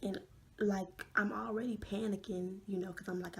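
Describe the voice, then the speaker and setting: A young woman vlogger telling an animated story with many fillers, often dropping to a hush. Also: medium pitch, moderate pace. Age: young adult. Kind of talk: storytime vlog.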